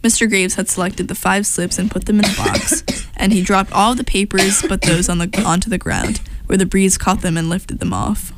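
A woman reading a short story aloud in a plain, steady way, with a few slips and restarts. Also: mid-range voice, moderate pace, noisy background. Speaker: story reader.

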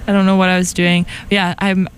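A young woman hosts a college radio show from the studio, her voice a little worn and hoarse. She talks in a chatty, giggly way and pokes fun at herself, with a faint hiss in the background. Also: fairly low pitch, level tone, fairly quick. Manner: chatty, giggly, self-deprecating. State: losing her voice. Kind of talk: casual chat. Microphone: studio microphone.

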